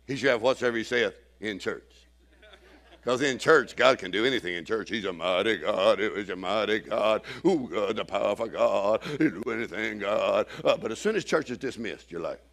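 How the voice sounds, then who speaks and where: A man preaching a sermon in church, acting out quoted people and swinging from shouting to hushed asides. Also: medium pitch, expressive, moderate pace.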